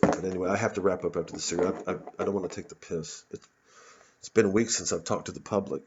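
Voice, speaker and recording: A man's voice: deep voice, steady tone, quick pace, highs cut off, noisy background. A man ranting angrily to his phone camera, swearing and stumbling over repeated words. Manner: angry, profane, stammering repetitions. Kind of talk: casual rant. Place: outdoors, smoking a cigarette. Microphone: phone propped on a bottle.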